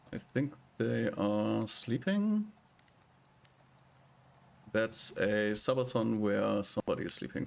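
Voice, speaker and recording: A male streamer talks slowly and casually with his viewers, his lowish voice full of gravelly fry. He rambles and hesitates as he picks his words. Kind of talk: casual live-stream chat.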